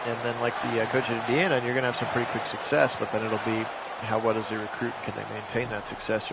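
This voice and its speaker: A man calling a simulated football game on his own, jumping up loud on big plays and chatting with viewers in between. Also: lowish voice, flat delivery, fast, vocal fry, loud music behind the voice. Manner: rises sharply and loud for big plays, chatty asides to live chat. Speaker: play-by-play host of video game sims. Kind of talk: solo play-by-play commentary on a simulated game.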